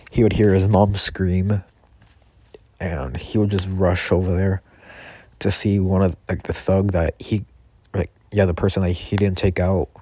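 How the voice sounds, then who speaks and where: A young man improvises a story in a casual, rambling way, leaning on "like" and restarting his sentences. His voice is low and husky, and he talks slowly. The recording is dry, with no room sound. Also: mellow, no room sound. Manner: rambling, full of "like" fillers and restarts.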